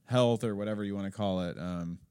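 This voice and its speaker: A man in his forties hosting a casual podcast chat, halting and restarting often, quick to laugh. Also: fairly low pitch, a little mellow, clean tone, dry recording, studio quality. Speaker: podcast host.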